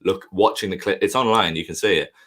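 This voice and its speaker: A man's voice: sits low, brisk, fairly bright tone. A man co-hosting a live stream, telling rambling, self-mocking stories with lots of swearing. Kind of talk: casual chat, storytelling.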